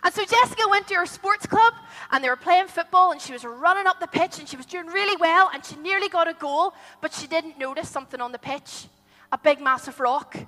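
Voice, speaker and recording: A woman telling a story to a group of children, animated and asking them questions as she goes. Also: extremely high pitch, fairly quick. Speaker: children's storyteller at a church holiday club. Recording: long hall reverb.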